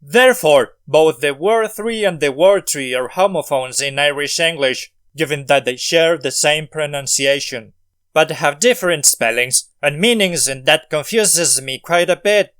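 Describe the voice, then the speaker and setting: Smooth-voiced man narrating a language lesson. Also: a little high, a little slow, a bit bright. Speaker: language video host. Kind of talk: scripted educational narration.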